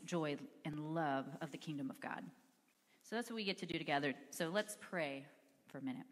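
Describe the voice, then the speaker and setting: A woman's voice: medium pitch, a bit bright, in a large hall. A woman preaching a sermon in a church, speaking in a conversational, earnest way with casual fillers. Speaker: pastor. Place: church sanctuary.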